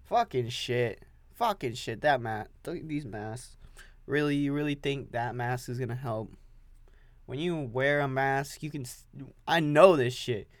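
A young man hosts his podcast alone, standing with a coffee as he rambles, swears and repeats himself. His medium-pitched voice is unhurried, with no echo.

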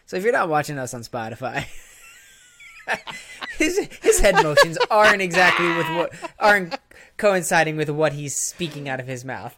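A man's voice: a little high, very animated, moderate pace, pushed and bright, slight background noise. A man in his late twenties, a podcast host, joking crudely in casual chat with acted-out quotes. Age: late 20s.

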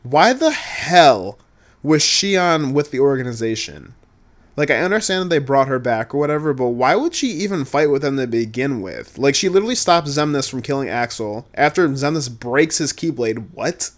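A man giving a casual, profane recap, blunt and exasperated, swinging between low muttering and loud outbursts. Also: animated, moderate pace. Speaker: video creator reviewing a game.

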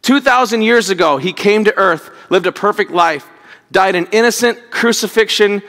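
Male pastor with a high voice, chatty sermon delivery, booming hall echo. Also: moderate pace, gravelly, a bit bright. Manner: conversational, repeats words, acts out quotes.

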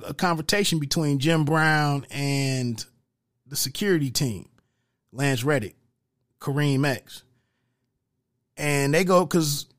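A man's voice: on the high side, a bit bright, dry recording, clean studio sound. A man giving a casual, profane recap of a movie, acting out its scenes with quoted lines. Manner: loose, profane, retells scenes with quoted dialogue. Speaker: movie reviewer.

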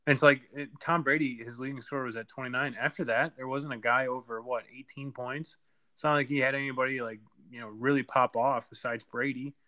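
Bright-voiced guy recapping fantasy football. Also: mid-range voice, steady tone, brisk. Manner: blunt, trash-talking, laughs easily. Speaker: podcast co-host.

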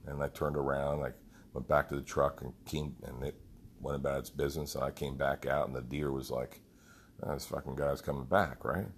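A man's voice: very deep voice, flat delivery, a little fast, a little hiss or hum. A man who leads a group fitness program, telling a rambling, heartfelt story with some swearing. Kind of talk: casual storytelling monologue.

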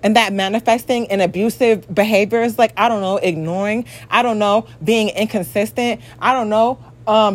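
A woman's voice: medium pitch, fairly even intonation, moderate pace, few pauses. Profane, exasperated young woman venting. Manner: mocks others in acted quotes. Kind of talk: venting rant to camera.

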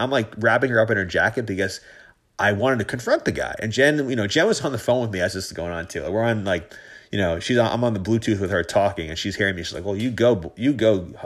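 A man's voice: fairly low pitch, a bit bright. A man in his thirties hosting a casual sports podcast, rambling with many restarts and growing heated as he tells a story. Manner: rambling, frequent restarts and fillers, gets heated. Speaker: podcast host.

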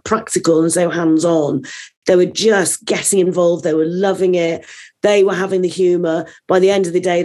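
A woman, a trainer guest on an interview show, telling a long story in a rambling, animated way with many fillers. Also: lowish voice.

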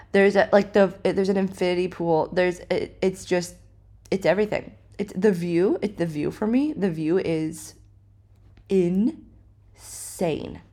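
A woman hosting a podcast, telling a personal story casually and excitedly, full of fillers and dramatic retellings. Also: on the low side, gravelly. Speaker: podcast host. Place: living in Cape Town, South Africa.

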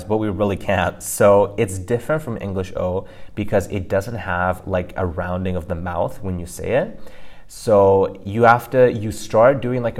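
A man with a very deep voice talks through pronunciation points in a relaxed, conversational teaching style. He is loose and chatty, sprinkling in "like" and "you know" as he explains. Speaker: language podcast co-host.

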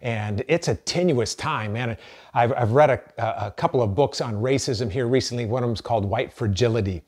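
A man's voice: mid-range voice, moderate pace, a little mellow, slightly rough. An earnest middle-aged man preaching to his church. He talks in a conversational way and often restarts his sentences. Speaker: pastor. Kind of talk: sermon.

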